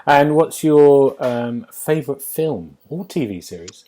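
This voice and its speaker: A man's voice: mid-range voice, lively intonation, measured pace, mellow. A man hosting a podcast over a remote call, laughing often and asking a guest questions with many "um"s. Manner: friendly interviewer, laughs often, asks questions with fillers. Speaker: podcast host. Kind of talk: casual podcast chat.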